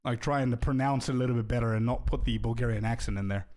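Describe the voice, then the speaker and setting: A man's voice: mid-range voice, darkish tone. Laid-back young man streamer, chatty. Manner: laughs often, halting restarts, calls people bro and dude. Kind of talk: casual livestream chat, thanking donors.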